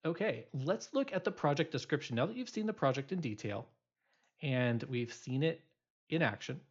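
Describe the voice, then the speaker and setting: A man's voice: fairly high pitch, expressive, normal speed, slightly rough, dull audio. A male instructor giving a recorded programming lecture, explaining loosely with many fillers and restarts.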